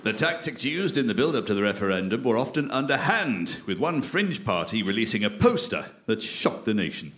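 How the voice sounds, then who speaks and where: A man's voice: lowish voice, big pitch swings, a little fast, few pauses, a bit bright. A man narrating a comedy news parody in a mock-solemn manner.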